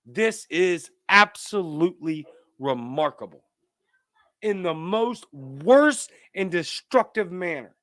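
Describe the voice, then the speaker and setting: A man's voice: high-pitched, expressive, slow, a bit bright, no echo, clean studio sound. A man hosting a political commentary show, ranting emphatically and reading out viewer comments. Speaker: host.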